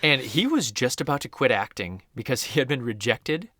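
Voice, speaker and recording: A man's voice: medium pitch, big pitch swings, moderate pace, sharp tone, dry recording, clean studio sound. A man co-hosting a podcast, chatting casually and telling stories, acting out quoted lines. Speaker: podcast co-host. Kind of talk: casual chat.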